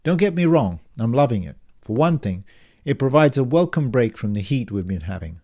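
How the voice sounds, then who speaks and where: A man reading his own novel aloud as a first-person audiobook, in a measured, descriptive storytelling manner. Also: mid-range voice, sing-song, mellow.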